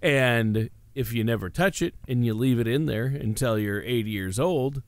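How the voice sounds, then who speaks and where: A man's voice: medium pitch, moderate pace, dry recording. A man co-hosting a radio talk show, chatting in an easygoing way with many uh fillers. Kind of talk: casual chat.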